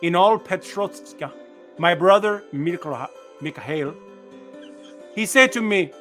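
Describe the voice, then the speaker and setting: Guy doing a bragging russian immigrant, thick fake russian accent, broken english, highish voice. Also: slow pace, a bit bright, soft background music. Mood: boastful. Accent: mock Russian. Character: boastful male Russian immigrant, middle-aged.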